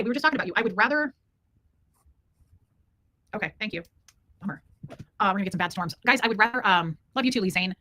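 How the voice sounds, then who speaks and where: This woman's mid-range voice sounds bright and forceful as she reads her viewers' comments out loud during a relaxed home livestream. She chats with them affectionately.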